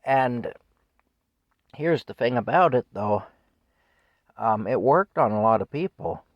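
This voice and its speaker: A man's voice: medium pitch, lively intonation, takes it slowly, no room sound, lo-fi sound. A man in his fifties ranting on his vlog in an indignant, scornful way with wry chuckles. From Canada. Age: 50s. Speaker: vlogger. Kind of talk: solo opinion rant to camera.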